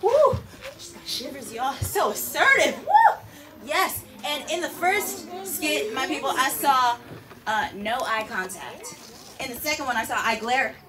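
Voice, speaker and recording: A woman's voice: high voice, big pitch swings, unhurried, a crowd in the background. A woman teaching a lesson to children, exuberant and exclamatory, calling the kids her people. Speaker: peace educator teaching children. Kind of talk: enthusiastic classroom lesson. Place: outdoor class. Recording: distant mic outdoors with background noise.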